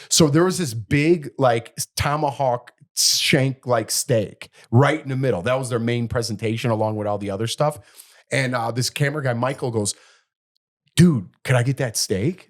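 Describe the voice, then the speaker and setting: A middle-aged man, a podcast co-host, telling a story in casual chat and acting out the people in it. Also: medium pitch. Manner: animated storyteller, acts out quoted people.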